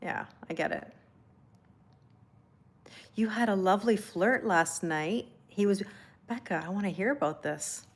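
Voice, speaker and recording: A woman's voice: medium pitch, unhurried, long pauses. A woman hosting a casual live tarot reading, chatting and laughing with viewers and reading their comments aloud in a reassuring tone. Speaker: tarot reader hosting a livestream.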